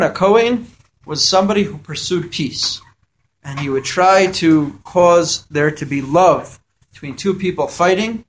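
A man teaching a Torah lesson to yeshiva students. He reads Hebrew verses aloud, translates them, and asks questions before answering them. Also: a little high.

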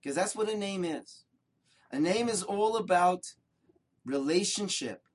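An older rabbi teaches Torah with a husky, fairly high voice. He tells his stories with animation, fires off rhetorical questions, and hammers home short repeated phrases. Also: expressive, a little slow. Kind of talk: Torah lesson.

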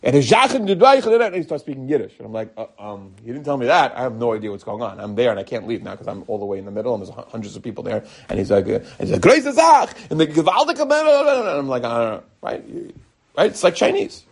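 A middle-aged man, a rabbi, giving an animated Torah lecture full of stories and bursts of emphasis. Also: medium pitch, fast talker, vocal fry, husky. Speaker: rabbi teaching a Torah class.

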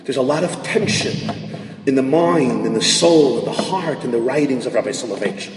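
A high-pitched man lectures, weaving Hebrew and Yiddish terms through his talk and swinging from near-murmurs to shouted emphasis. He is picked up from far off in a large, echoing hall with a faint hiss underneath. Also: big pitch swings, brisk. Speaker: rabbi lecturing on Jewish thought. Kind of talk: lecture to an audience.

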